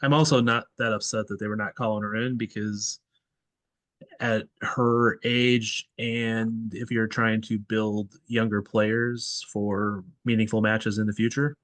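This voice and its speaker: A man with a fairly low voice hosts a casual soccer podcast, rambling and thinking aloud. The recording is close and dry. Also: flat delivery, unhurried, fairly bright tone, no echo. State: tired. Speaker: podcast host. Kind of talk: casual sports chat.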